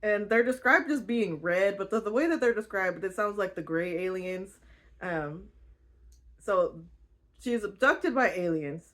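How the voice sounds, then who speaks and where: A woman's voice: medium pitch, expressive, measured pace, fairly bright tone. A young woman hosting her channel, recapping a book in a slangy, chatty way, swearing freely and laughing often. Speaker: channel host.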